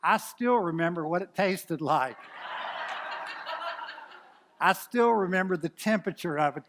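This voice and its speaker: A man in his sixties, a pastor telling a folksy, animated story in a sermon. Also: high-pitched, unhurried, long pauses, slight background noise. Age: 60s.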